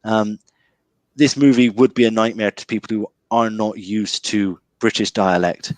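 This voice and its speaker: A man's voice: lowish voice, steady tone, a little slow, dry recording. A man talking about a film as a guest in a casual chat, hesitant and full of restarts. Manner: hesitant, restarts with many ums.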